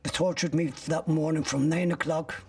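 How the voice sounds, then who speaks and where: Older Irish man, gravelly and husky. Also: a little high, level tone, moderate pace, darkish tone, no echo, recorded from a distance. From Ireland. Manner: vivid, blunt retelling with swearing. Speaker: interviewee recounting his arrest. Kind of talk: first-person storytelling.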